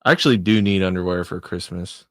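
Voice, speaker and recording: A man's voice: low-pitched, fast talker, dry recording, studio quality. A man, a radio producer, chatting loosely with a livestream audience in an easygoing, rambling way. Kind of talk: casual chat on a livestream.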